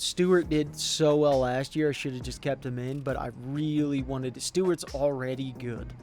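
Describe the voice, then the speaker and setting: A man commenting on a football video game, swinging from quiet mumbling to excited yelling. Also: medium pitch. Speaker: gaming YouTuber.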